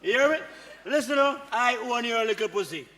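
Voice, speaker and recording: An actor with a Jamaican accent playing a boastful, menacing man who abuses his power, taunting and shouting on a live stage. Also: extremely high pitch, lively intonation, brisk, heavily acted. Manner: taunting, domineering, often shouting. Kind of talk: live stage play acting. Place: theatre stage with a live audience. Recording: theatre stage with long reverb.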